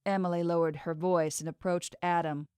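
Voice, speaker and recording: A woman narrating a novel as an audiobook in an even, measured reading. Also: lowish voice, clean tone, no room sound, studio quality. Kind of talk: scripted narration.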